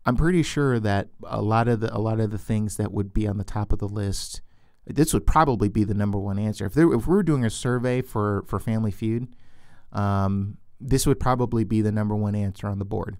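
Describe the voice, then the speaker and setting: A man's voice: fairly low pitch, fairly quick, darkish tone, no room sound, studio quality. A man teaching from the Bible in a loose, unscripted way, often restarting and repeating words, and asking questions that he answers himself.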